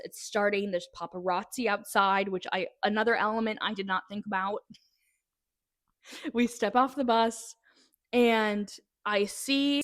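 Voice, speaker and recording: Young woman vlogger, mid-pitch, animated casual storytelling, close dry sound. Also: no echo. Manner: animated, breathless retelling with many "like"s and restarts.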